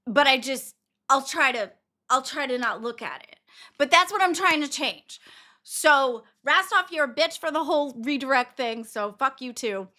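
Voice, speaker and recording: Bright, high-voiced woman streamer swearing freely. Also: animated, normal speed. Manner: blunt, swears freely, laughs often. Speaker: stream host. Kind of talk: casual livestream chat.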